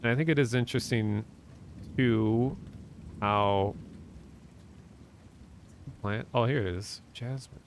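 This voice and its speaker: A man's voice: medium pitch, takes it slowly, pauses often, slight background noise. A man from Minnesota chatting in a rambling, casual way to his viewers while he plays a game. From Minnesota, USA. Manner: rambling, chatty, talks to chat. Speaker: livestreamer. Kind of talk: casual chat while playing games.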